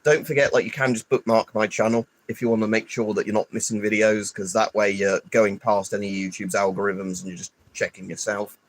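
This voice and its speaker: Male streamer, lowish voice, loose rambling delivery. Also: steady tone, a little fast, hardly any pauses. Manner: rambling, filler-heavy, easygoing. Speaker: livestream host. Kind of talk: casual livestream sign-off.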